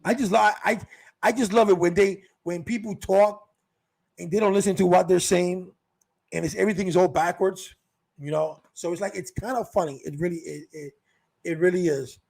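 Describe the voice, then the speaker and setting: A man with a high, gravelly voice rants in a casual vlog. His tone is sarcastic, and he jumps into raised, mocking voices to imitate people he disagrees with. The voice has a husky edge. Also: steady tone, normal speed, a little mellow. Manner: ranting, sarcastic, mocks others in raised voices. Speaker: vlogger. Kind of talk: casual opinion rant. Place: North Carolina.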